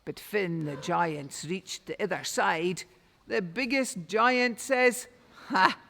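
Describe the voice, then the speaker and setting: A woman with a Doric Scots accent telling a traditional folk tale in rich dialect, lilting and expressive. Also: fairly low pitch, slow, gravelly. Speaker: storyteller. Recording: long reverb.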